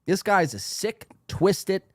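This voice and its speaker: A man's voice: sits high, big pitch swings, slow pace, no room sound. A man hosting a podcast, ranting in a profane, mock-outraged monologue into a studio mic. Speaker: podcast host.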